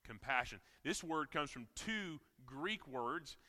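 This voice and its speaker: A man's voice: on the high side, lively intonation, slow pace, bright, forceful tone. A man with a Southern American accent, a pastor preaching a sermon with earnest repetition and frequent restarts. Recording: long reverb of a large hall.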